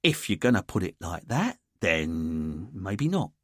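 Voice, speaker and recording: A man's voice: sits low, big pitch swings, measured pace, no room sound, studio quality, heavily acted. A man voicing a cagey, defensive male suspect with a London accent in an audiobook. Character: evasive cocky male rum seller from Essex.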